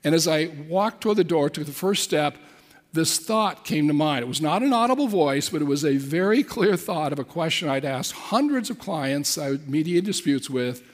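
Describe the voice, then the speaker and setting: A man's voice: a little high, very animated, normal speed. A man preaching a sermon, telling a personal story in an earnest way and asking the audience questions. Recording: long hall reverb.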